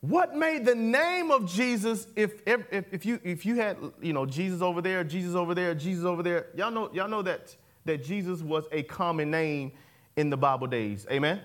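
High-pitched guy preaching, keeps asking the room to say stuff back. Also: normal speed. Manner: call-and-response preaching, repeats key words. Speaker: pastor. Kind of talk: sermon. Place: church sanctuary.

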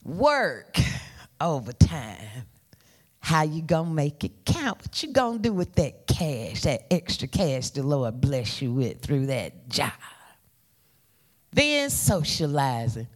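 A woman's voice: deep voice, sing-song, slow. A woman preaching a sermon, playful and calling on the congregation to answer back. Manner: playful, calls for congregation responses.

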